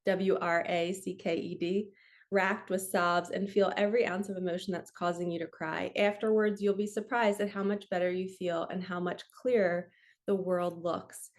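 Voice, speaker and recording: A woman who works as a spiritual coach, reading from a book and talking it through in a gentle, earnest way. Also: on the low side, steady tone, normal speed. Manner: gentle, earnest, laughs easily. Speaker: spiritual coach and card reader. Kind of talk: casual reading aloud from a book with commentary. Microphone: camera.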